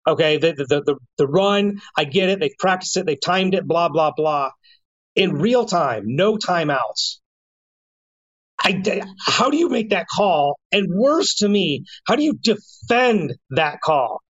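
A man's voice: high-pitched, expressive, a little slow, fairly bright tone, dry recording, highs cut off. A man co-hosting a sports podcast, firing off exasperated one-liners in casual chat. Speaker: podcast co-host.

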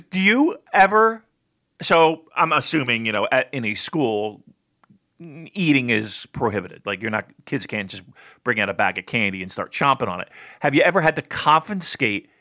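Lively, animated American podcast host. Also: male voice, mid-range voice. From New Jersey. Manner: animated, swearing, storytelling, laughing often. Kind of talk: casual podcast chat.

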